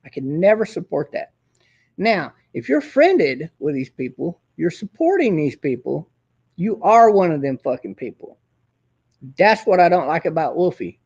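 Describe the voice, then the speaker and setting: A man's voice: fairly high pitch, sing-song, normal speed, darkish tone, husky, dull audio. A man hosting his own show, ranting in a profane, combative and boastful way. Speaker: host. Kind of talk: casual ranting monologue.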